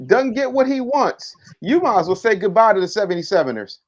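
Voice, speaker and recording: A man in a casual sports debate, playful and quick to laugh. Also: high voice, expressive, highs cut off. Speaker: sports panelist.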